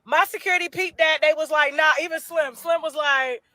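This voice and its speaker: A woman telling a story in a loud, profane, laughing way, acting out what others said. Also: high voice, fairly even intonation, fairly quick. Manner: loud, profane, laughing often, acts out quotes. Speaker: reunion show host recounting a fight. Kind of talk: casual storytelling.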